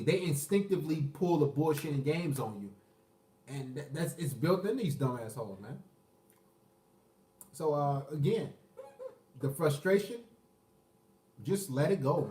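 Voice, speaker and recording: A man's voice: a little high, expressive, moderate pace, long pauses, dark tone, roomy sound, distant mic. A man ranting crudely about dating, acting out bits of quoted dialogue. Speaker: vlogger. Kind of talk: casual rant to camera.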